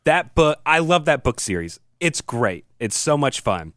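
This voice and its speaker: Podcast dad, earnest storyteller, dry close mic. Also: male voice, fairly high pitch, sing-song, measured pace, no echo. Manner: storytelling, earnest, softens when moved. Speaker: podcast co-host. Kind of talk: casual chat.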